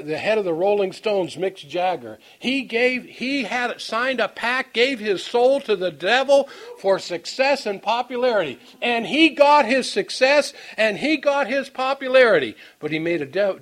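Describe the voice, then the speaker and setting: A man preaching a Bible-teaching sermon. He reads scripture slowly and deliberately, then breaks into folksy stories, often halting and repeating words as he goes. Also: high-pitched, animated, a bit bright. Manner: folksy, storytelling asides; halting, repeats words while finding them.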